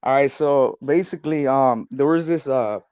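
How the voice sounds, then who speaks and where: A man's voice: medium pitch, normal speed, darkish tone, smooth, dry recording. A man, co-hosting a podcast and telling a story in a rambling way, repeating words and swearing a lot. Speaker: podcast co-host. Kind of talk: casual storytelling chat.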